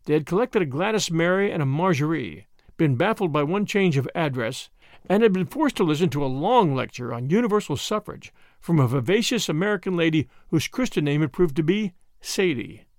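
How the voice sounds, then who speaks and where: Casting: male audiobook reader, lively expressive delivery, slightly raised pitch, dry close sound. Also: dry recording. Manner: expressive, measured narration. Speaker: audiobook narrator. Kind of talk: storybook reading.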